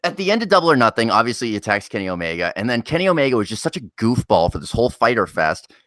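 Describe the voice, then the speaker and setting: A man's voice: medium pitch, sing-song, very fast, fairly bright tone, no echo, clean studio sound. A man co-hosting a podcast in casual chat, swearing often and laughing as he mimics people. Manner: profane, laughing, mimics people in his stories. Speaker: podcast co-host.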